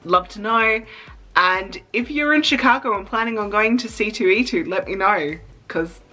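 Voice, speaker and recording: A young woman vlogging in a chatty, excitable way, fighting back tears as she talks. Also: mid-range voice, normal speed, faint music behind, rough recording. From Australia. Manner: chatty, excitable, emotional, trying not to cry. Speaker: cosplay vlogger. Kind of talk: casual vlog talk.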